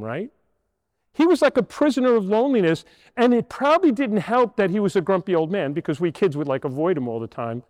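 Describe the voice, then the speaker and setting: A priest in his 60s gives a homily to children in a church, telling stories and asking rhetorical questions in a high, lively voice. The recording is dry yet has a long reverb tail.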